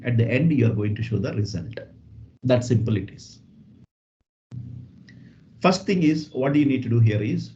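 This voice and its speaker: Male programming teacher, relaxed and unhurried, repeats himself with lots of "okay"s; dull online-class sound with a low hiss. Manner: explains step by step, repeats phrases, frequent "okay" fillers. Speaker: programming instructor. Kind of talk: live coding lesson.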